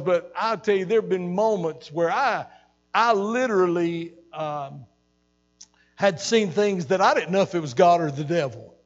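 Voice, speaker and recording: A male pastor preaching a sermon, animated, repeating phrases and swelling loud for emphasis. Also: sits high, long reverb tail, highs cut off. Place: church sanctuary.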